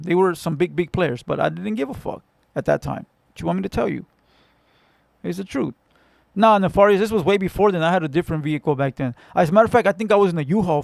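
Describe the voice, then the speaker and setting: A Southern California man hosts a casual livestream, chatting with viewers in a high, creaky voice captured in a dry recording. He tells his stories bluntly, packed with profanity and street slang.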